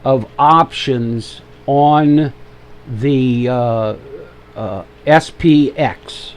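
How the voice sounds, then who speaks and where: Slow-talking man with an Ohio accent. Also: mid-range voice, a little hiss or hum. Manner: easygoing, joking, fiddly with mic levels. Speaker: trading webinar host. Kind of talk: casual live webinar talk. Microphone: desk microphone he adjusts.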